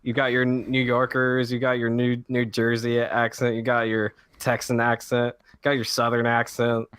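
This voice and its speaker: An American man co-hosts a casual podcast, rambling through his points with frequent restarts. His voice sits at a middle pitch, and the recording is close and dry with no room sound. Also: monotone, moderate pace, a bit bright, clean tone, no echo. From United States. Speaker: podcast co-host.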